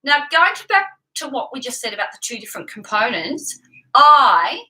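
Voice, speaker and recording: A woman singing teacher who explains technique patiently and clearly, breaking off to sing short examples. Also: high-pitched, big pitch swings, moderate pace, bright, forceful tone, low-quality recording. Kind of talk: vocal lesson with sung demonstrations.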